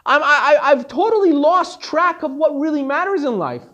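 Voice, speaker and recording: A man voicing a remorseful businessman who pleads loudly and exasperatedly with his teacher. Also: extremely high pitch, expressive, normal speed, muffled recording, pitched above the performer's own voice, full character voice. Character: remorseful middle-aged businessman, pleading and bewildered.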